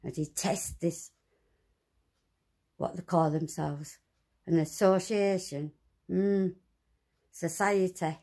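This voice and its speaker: A woman ranting angrily and swearing, talking to her viewers from inside her flat. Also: lowish voice, slow pace, long pauses. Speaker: vlogger. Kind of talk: angry monologue to camera.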